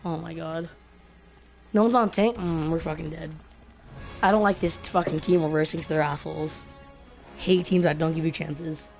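A woman's voice: low voice, fairly even intonation, moderate pace, pauses often, a little mellow, faint music behind. A woman live streaming a game, ranting and swearing in frustration at the other team and her computer. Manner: profane, frustrated, complaining. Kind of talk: angry gaming live stream rant. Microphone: gaming headset mic.

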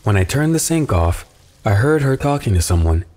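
A man calmly narrating a first-person horror story from a script. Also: fairly low pitch, moderate pace.

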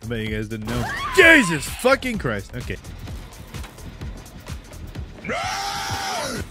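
A man streaming a horror game, reacting with loud, profane outbursts as he plays. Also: medium pitch, wildly swooping pitch, fairly quick. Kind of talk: live gameplay commentary. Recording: game music underneath.

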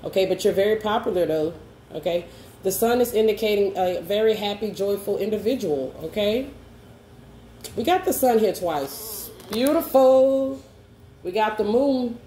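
Warm-voiced woman giving a soothing tarot reading. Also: mid-range voice, normal speed. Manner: reassuring, coaxing, keeps asking "okay?". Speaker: tarot card reader. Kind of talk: spoken tarot reading to camera. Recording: roomy echo, faint background hum.

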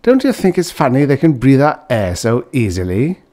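Narrator doing a needling brute of a man, pitched high, animated, audiobook. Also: normal speed, close to an everyday voice. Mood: insinuating. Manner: insinuating, pushy. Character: burly hairy middle-aged male conspirator, needling.

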